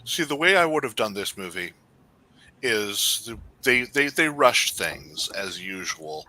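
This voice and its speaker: A man's voice: on the low side, big pitch swings, measured pace, pushed and bright, no room sound. A man co-hosting a podcast in casual chat, rambling with many restarts as he critiques. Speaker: podcast co-host.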